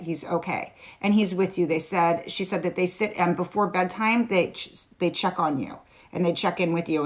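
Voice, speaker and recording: Young woman doing a live tarot reading, soft lowish voice, lots of ums, reads out comments. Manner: gentle, reads viewer comments aloud, frequent ums. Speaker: tarot reader. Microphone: webcam or phone on a live stream.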